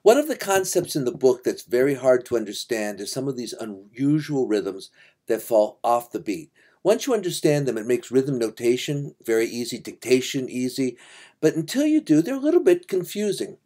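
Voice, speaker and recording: A middle-aged male music teacher explains rhythm in an easygoing, conversational lecture. He sings rhythms out loud as he goes. His voice is warm and mellow at a medium pitch. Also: moderate pace. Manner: relaxed and chatty, sings rhythms aloud. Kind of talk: informal lecture.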